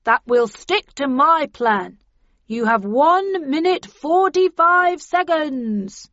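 A woman voicing a menacing hostage-taker calling through a bullhorn, loud, slow and deliberate. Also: high-pitched, expressive, dry recording, lo-fi sound, pitched above the performer's own voice, exaggerated voice. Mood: threatening. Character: cornered man on a bullhorn, menacing.

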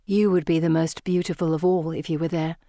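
A woman's voice: low-pitched, steady tone, a little fast, warm tone, dry recording. Felicity: cool, skeptical teen girl, read by a woman narrator, plain and dry. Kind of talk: audiobook character voice.

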